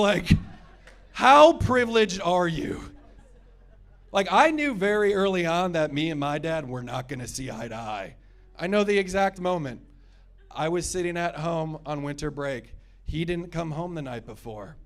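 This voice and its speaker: A man's voice: fairly high pitch, expressive, normal speed, fairly bright tone. A man in his thirties doing a stand-up comedy set, with crude, sarcastic crowd work. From United States. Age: 30s.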